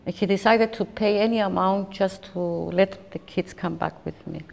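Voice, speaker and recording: Woman, fifties, mid-pitched documentary interviewee; emotional, halting delivery; long hall reverb. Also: creaky, a little mellow. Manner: halting, emotional retelling with frequent restarts. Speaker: interviewee recounting a personal ordeal.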